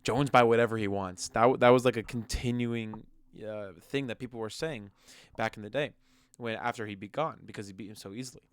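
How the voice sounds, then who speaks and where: A man's voice: mid-range voice, brisk, clean tone, no echo. Young guy ranting hard, swears a lot, mocking tone, super dry close sound. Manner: heated, profane, mocking. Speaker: MMA commentary vlogger. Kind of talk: casual rant to camera.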